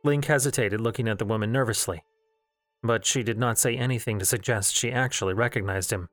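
A man narrating a novel in a measured, even storytelling voice. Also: fairly low pitch, no room sound, faint music behind. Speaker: audiobook narrator. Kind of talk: novel reading.

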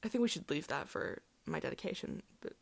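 On her own podcast, a young woman talks casually in a low voice with vocal fry. She's animated and fairly quick, wandering from thought to thought with frequent ums and restarts.

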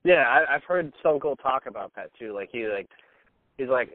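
Young dude, mid voice, casual and sweary, dry phone-like sound. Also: male voice, mid-range voice, lively intonation, normal speed, no room sound. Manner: casual, profane, short backchannel replies. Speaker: podcast co-host. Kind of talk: casual chat.

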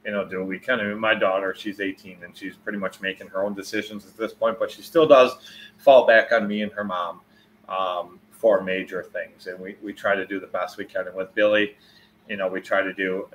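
A man in his forties chats casually on a livestream, answering viewers, rambling and swearing freely, and getting loud when he tells a story. His lowish voice stays steady and a little fast. The highs are cut off, with a little hiss or hum.

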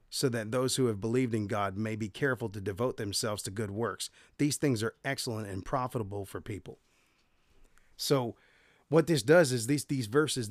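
A man with a medium-pitched voice hosts a devotional podcast, reading Bible passages aloud and explaining them conversationally. He's a Bible teacher who often corrects himself, and the clean studio recording has no echo.

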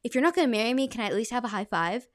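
This is a pushy, blunt man who fires off insistent lines as a young woman retells him. The delivery comes a bit louder than her everyday voice and stays close to it in pitch. The sound is dry and close, with no room echo. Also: lively intonation, racing, close to an everyday voice. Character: pushy, sweaty man proposing at a checkout.

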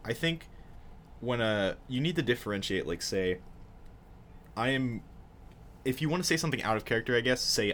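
A man's voice: mid-range voice, lively intonation, normal speed, long pauses, a bit bright, slight background noise. A man talking about role-playing in casual podcast chat, hesitant and restarting often. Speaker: player.

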